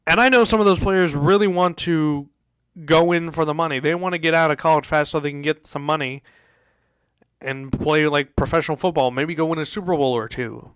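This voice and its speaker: A man's voice: a little high, fairly quick, fairly bright tone, clean tone, dry recording. A man hosting a casual sports talk show, ranting in exasperation and repeating himself. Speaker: host.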